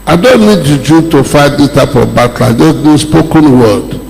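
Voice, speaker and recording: Pastor, male, emphatic sermon delivery, gravelly voice, long hall reverb. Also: on the high side, a little mellow. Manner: slow, emphatic preaching with rising exclamations.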